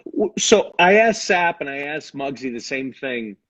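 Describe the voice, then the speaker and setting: A man's voice: medium pitch, lively intonation, unhurried, a bit bright, dry recording. A man hosting an interview, restarting and repeating words as he asks his questions. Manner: stumbling, repeats words when asking questions. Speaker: host. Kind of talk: casual interview. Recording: dull dry lo-fi sound.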